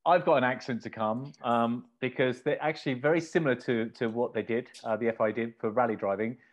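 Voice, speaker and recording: A man's voice: mid-range voice, fairly even intonation, fairly quick. A young man co-hosting a casual motorsport chat, eager and self-deprecating. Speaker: motorsport podcast co-host.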